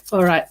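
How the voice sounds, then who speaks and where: A woman doing live-stream psychic card readings, talking casually and reassuringly, often pausing with "um" and "all right" as she calls viewers by name. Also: high voice, creaky, slight background noise, rough recording.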